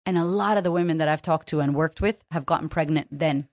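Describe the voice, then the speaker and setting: A woman's voice: low-pitched, fast talker, darkish tone, dry recording, clean studio sound. A woman confidence coach talking candidly and emphatically in a motivational monologue, swearing freely.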